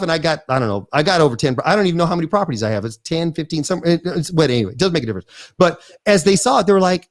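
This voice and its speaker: Man in his fifties, fairly high voice, animated rambling storyteller, lots of restarts, casual interview guest. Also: rapid-fire, few pauses. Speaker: guest, real estate investor.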